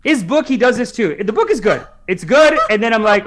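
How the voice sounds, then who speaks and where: A man co-hosting a podcast in casual, animated chat, laughing often and swearing freely. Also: very high voice, a little fast, background noise. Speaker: podcast co-host.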